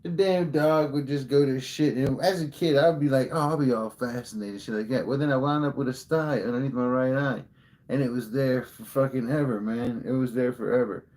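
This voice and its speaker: A man's voice: medium pitch, a little fast, darkish tone. Profane joking male streamer. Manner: profane, joking, tall-tale delivery. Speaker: livestream host. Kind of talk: rambling comic storytelling to chat.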